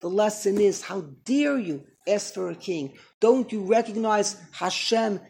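A man teaching a Torah lesson, impassioned, with halting restarts that build to loud emphatic peaks. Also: high voice, gravelly. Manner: halting restarts and repeated words.

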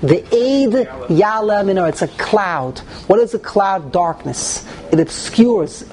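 A man's voice: sits high, animated, slow, darkish tone, a little hiss or hum, poor audio. A man teaching a text-study class, reading passages aloud and translating them as he thinks aloud. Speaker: Torah teacher.

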